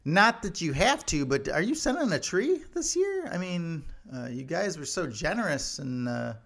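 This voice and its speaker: A man's voice: a little high, very animated, moderate pace, gravelly, a bit bright, voice pushed up, exaggerated voice. A man voicing fussy, overly polite British officials personified as a nation, stammering and flustered. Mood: politely flustered.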